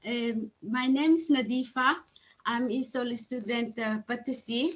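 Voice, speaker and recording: A woman whose first language is Somali, speaking halting English on a video call, often searching for words and apologizing, audibly emotional. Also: fairly high pitch, steady tone, low-quality recording. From Somalia or Italy. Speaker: adult English learner. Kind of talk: online conference testimony.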